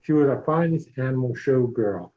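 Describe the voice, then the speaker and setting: A man's voice: medium pitch, expressive, normal speed, natural voice. A man playing a boastful, self-obsessed male animal-park owner, reading a murder-mystery party script over a video call. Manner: bragging, grandiose. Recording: muffled, echoey video call audio.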